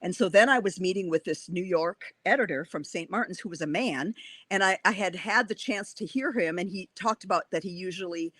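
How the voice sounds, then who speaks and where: A woman author, a guest on an interview, telling a lively anecdote with lots of animated back-and-forth. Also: lowish voice, a little fast, dry recording. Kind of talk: casual storytelling interview.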